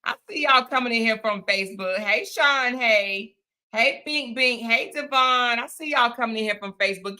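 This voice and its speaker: At a normal speed, a livestream host talks casually with her audience in a fairly high, bright, forceful voice. She says hello to viewers by name and calls them y'all and honey.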